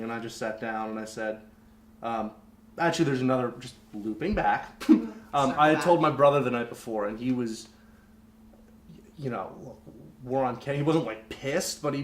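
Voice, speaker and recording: A man's voice: mid-range voice, moderate pace. A young man telling a personal story in conversation as a podcast guest, candid and rambling, full of fillers. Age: young adult. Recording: roomy echo, faint background noise.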